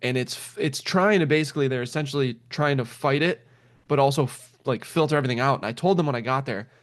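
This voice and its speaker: A young man tells a story in an animated, casual chat, speaking quickly with a medium pitch. He keeps acting out what people said, swearing and laughing frequently.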